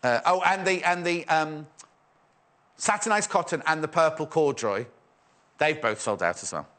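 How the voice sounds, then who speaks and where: A man's voice: fairly high pitch, normal speed, pushed and bright. A man presenting a shopping channel, chatty and rambling, joking and reading out viewer messages. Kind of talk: live shopping channel chat.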